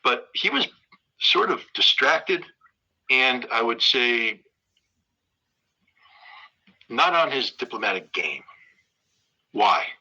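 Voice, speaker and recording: Forceful husky man ranting on air. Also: medium pitch, big pitch swings, takes it slowly, pauses often, muffled recording. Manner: emphatic, hammers points by repeating phrases. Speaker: show host and political commentator. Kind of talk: impassioned political commentary monologue.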